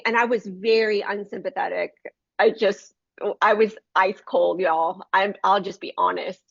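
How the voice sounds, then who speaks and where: A woman's voice: medium pitch, fairly even intonation, moderate pace, gravelly, breathy edge, no room sound, highs cut off. Earnest woman telling a faith story. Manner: earnest personal storytelling, addresses listeners as y'all. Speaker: Christian book reviewer. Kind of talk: heartfelt devotional talk.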